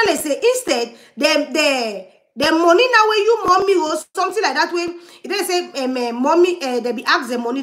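High, bright woman. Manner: animated, laughing, switches between loud and murmured asides. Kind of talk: livestream commentary.

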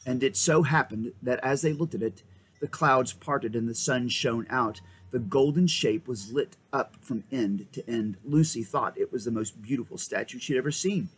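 A man reading a children's novel aloud in an expressive, animated way. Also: medium pitch, moderate pace, a little hiss or hum, poor audio. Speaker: reader. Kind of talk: storybook read-aloud.

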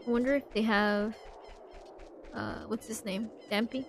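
A woman's voice: a little high, wildly swooping pitch, fairly quick, long pauses, a little hiss or hum. A woman casually commenting on her own gameplay, chatting back at the characters on screen. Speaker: let's play host.

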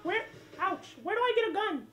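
A woman with a very high, childlike voice, talking in a silly, innocent way for a gaming prank video. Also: lively intonation, brisk, pushed and bright, echoey room. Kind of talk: casual vlog intro and game chat prank.

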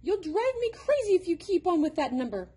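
A woman's voice: very animated, a little fast, darkish tone, slightly rough. A woman voicing an exasperated young boy who hates math, with a whiny, protesting manner, in a storybook reading. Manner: whiny, protesting, rising pitch.

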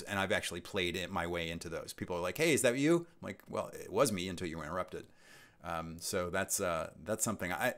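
A man in his sixties hosts his channel's live stream, chatting casually and reading viewer comments out loud with rambling asides. His voice is lowish with a fairly bright tone.

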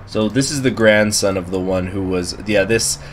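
A man's voice: on the low side, moderate pace, a little hiss or hum. A man hosting a strategy game let's play, casually thinking aloud as he plays and chats. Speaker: gaming channel host.

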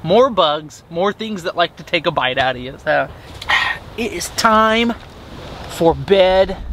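A chatty young man tells his camera about cooking and bugs at a beach campsite, laughing often. His voice sits fairly high for a man, and a faint outdoor hush runs behind him. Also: animated, slow pace, a little hiss or hum. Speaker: outdoor adventure vlogger. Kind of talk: casual camp vlog narration.

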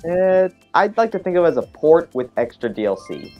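Woman, voice chat, playful teasing, lively pitch, music behind. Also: fairly quick, dull audio. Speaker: voice chat friend. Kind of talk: casual gaming chat.

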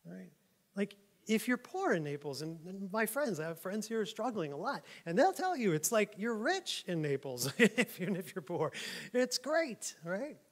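A male pastor gives a loose, conversational sermon into a microphone in a church. His voice sits high for a man. He jokes a lot and keeps checking in with his listeners. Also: sing-song, normal speed. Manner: chatty, joking, keeps asking "right?". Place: church sanctuary.

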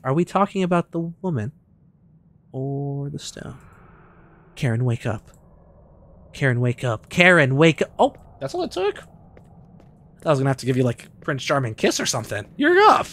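Excitable trash-talking young man gamer. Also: mid-range voice, normal speed, pauses often. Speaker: streamer. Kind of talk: casual gameplay commentary.

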